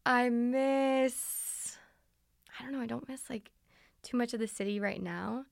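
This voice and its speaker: Bubbly young woman with vocal fry. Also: fairly high pitch, a little fast, a little mellow, dry recording, studio quality. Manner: chatty, bubbly, answers listener questions. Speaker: podcast host. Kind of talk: casual solo podcast chat. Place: recording studio. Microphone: studio microphone.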